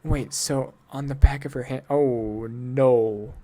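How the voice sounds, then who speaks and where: A young man hosting a let's-play, commenting excitedly, swearing and laughing as he goes. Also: mid-range voice, slow pace. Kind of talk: casual gameplay commentary. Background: game music.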